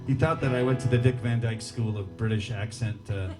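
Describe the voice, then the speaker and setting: A man's voice: medium pitch, fairly even intonation, brisk. A man with a Midwestern American accent chatting and joking with the crowd between songs at a small bar gig. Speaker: singer-songwriter on stage. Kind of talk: rambling on-stage banter between songs. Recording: live PA from a distance, guitar playing.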